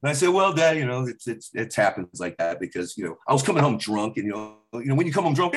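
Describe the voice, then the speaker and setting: In a casual storytelling chat, a middle-aged comedian guest speaks fast in a mid-range voice, barely pausing at all. He animatedly acts out his dad's words and others' lines from family stories, his voice bouncing up and down with each part.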